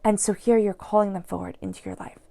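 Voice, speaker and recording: A woman gives an earnest tarot reading in a soft, mellow voice with a gravelly edge of vocal fry. She slips now and then into near-whispers. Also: medium pitch, steady tone, fast. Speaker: tarot reader.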